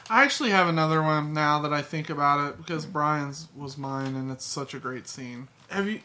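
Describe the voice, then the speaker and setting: Bright-voiced rambling man. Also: fairly high pitch, moderate pace. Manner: rambling, restarts mid-thought. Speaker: podcast co-host. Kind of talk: casual chat.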